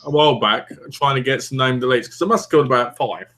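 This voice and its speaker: Playful man with a bright voice. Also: medium pitch, quick pace. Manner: playful, jokey storyteller. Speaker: co-host. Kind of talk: casual chat.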